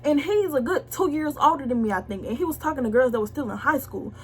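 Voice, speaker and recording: A young woman blunt, slangy and animated as she tells viewers a personal story in a casual storytime vlog. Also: sits high, fast talker. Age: young adult. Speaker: vlogger telling a story.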